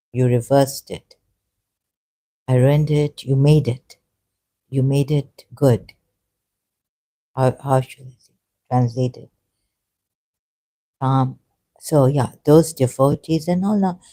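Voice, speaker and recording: A religious commentator speaks off the cuff in a personal monologue, his mellow, medium-pitched voice wandering and halting as he keeps correcting himself. He sounds earnest throughout, at times emphatic, and grows emotional and more forceful as he goes.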